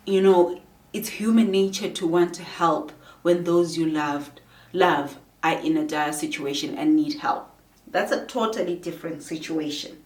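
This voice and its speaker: A woman with a lowish voice talks through advice in a casual vlog, earnest and measured, often pausing with ums. She sits some way back from the mic, in a room that echoes. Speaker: vlogger giving advice. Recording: roomy echo, distant from the mic.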